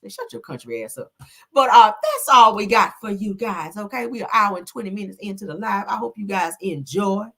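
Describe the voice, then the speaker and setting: A woman hosting a casual gossip live stream, sassy and animated with lots of call-outs to chat. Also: mid-range voice, fairly quick, hardly any pauses.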